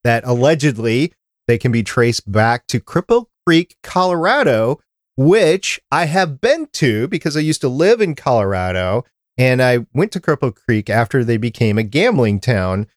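A man's voice: mid-range voice, sing-song, normal speed, no room sound, clean studio sound. A man from Minnesota hosting a fan podcast, chatty and rambling in casual talk. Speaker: podcast host.

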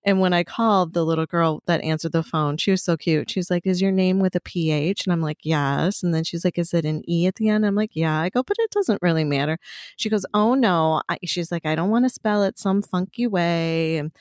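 Chatty middle-aged woman, fairly low voice. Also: fairly quick, darkish tone, dry recording, studio quality. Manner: chatty storyteller, laughs often, swears freely. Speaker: podcast co-host. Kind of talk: casual chat.

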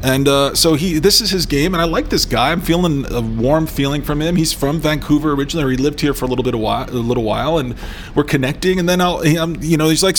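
A man's voice: on the high side, fast, slight background noise. A man co-hosting a podcast, telling stories about himself in a self-mocking way. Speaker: co-host. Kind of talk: casual podcast chat.

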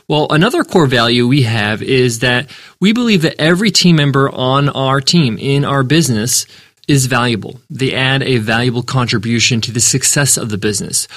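A man who founded a business and hosts a business podcast answers a listener's question earnestly and emphatically, repeating words for stress. His mid-range voice is a bit bright, recorded at studio quality with no room sound.

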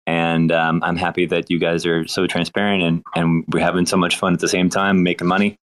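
Very deep, smooth male voice. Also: flat delivery, a little fast, low-quality recording. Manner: earnest, praising thank-you speech. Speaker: guest. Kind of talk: casual chat.

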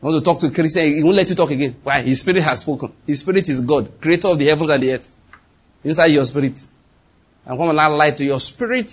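A middle-aged man, preaching an animated sermon with sudden leaps in pitch and acted-out dialogue. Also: slightly rough. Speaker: pastor.

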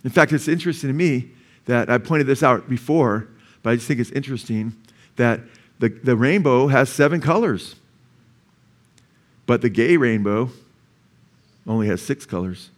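A man's voice: mid-range voice, normal speed, long pauses. A male pastor preaching a conversational sermon, full of asides and rhetorical questions.

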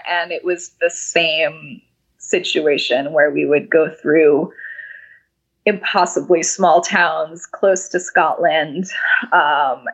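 A young woman from New York City, a hoarse-voiced interview guest talking in a rambling way. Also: sits low, a bit bright. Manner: rambling, frequent restarts and laughs. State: losing her voice. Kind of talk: casual interview conversation. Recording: dull lo-fi audio.

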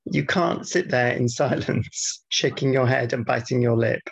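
A man co-hosting a podcast, bantering casually and reading out mock-formal feedback in a dry, deadpan way. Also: mid-range voice, a little slow. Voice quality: gravelly, husky. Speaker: podcast co-host. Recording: dull lo-fi podcast audio.

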